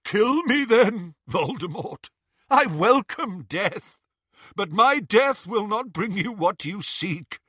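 A man voicing a thin, frail old man who speaks slowly and defiantly in an audiobook. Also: high voice, animated, sharp tone, husky, no echo, studio quality, pitched above the performer's own voice, exaggerated voice. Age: older.

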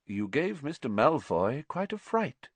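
A man voicing a gentle, weary male teacher who speaks softly and hesitantly, in an audiobook reading. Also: medium pitch, big pitch swings, measured pace, husky, no echo, heavily acted. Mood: quiet. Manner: soft-spoken and hesitant.

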